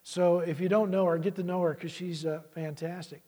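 A man gives a sermon in a church, rambling and self-deprecating, with plenty of restarts. His voice sits high and sounds a bit husky. The sound carries a long hall reverb. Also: flat delivery, a little fast, mellow. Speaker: guest preacher, college vice president. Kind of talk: sermon with jokes.

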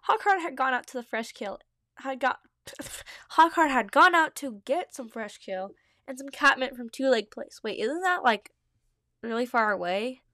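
A woman's voice: high-pitched, animated, unhurried, sharp tone, no room sound, studio quality. A young woman reading her old fan story aloud with giggly, self-mocking asides. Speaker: podcast host reading her own old writing.

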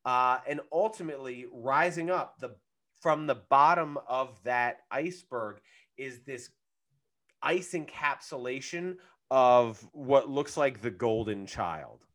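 A man's voice: mid-range voice, takes it slowly, a bit bright. A man co-hosting a casual podcast, retelling a cartoon episode with wry humor and acted-out lines. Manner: wry storyteller, acts out scenes with comic lines. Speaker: podcast co-host. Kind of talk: casual chat recapping a cartoon.

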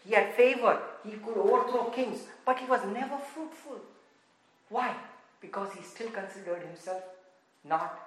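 A woman with an Indian accent preaching an impassioned sermon in a church, swinging from loud exclamations to hushed murmurs. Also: a little high, very echoey, low-quality recording. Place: church in Texas.

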